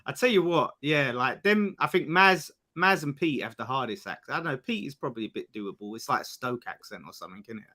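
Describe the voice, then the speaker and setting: A man on a casual football podcast, boastful and animated, bantering and swearing. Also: mid-range voice, fairly quick, few pauses. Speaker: podcast panelist.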